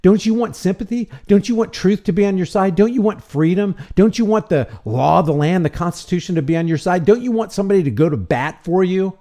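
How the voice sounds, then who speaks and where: A man's voice: sits high, fairly quick, few pauses, warm tone. A man hosting a commentary channel, reacting to a video with indignant, sarcastic remarks and rhetorical questions.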